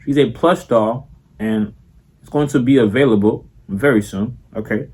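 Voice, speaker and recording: Speaking at a moderate pace, a young man with a Florida accent addresses the camera in a medium-pitched, slightly mellow voice with a breathy edge. As a content creator he's loose and profane, full of slang and fillers, with "you feel me" on repeat.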